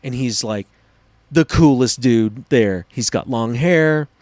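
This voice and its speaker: A man hosting a casual podcast, telling stories in an animated, profane way. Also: mid-range voice, takes it slowly, dry recording. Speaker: podcast host. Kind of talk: casual chat.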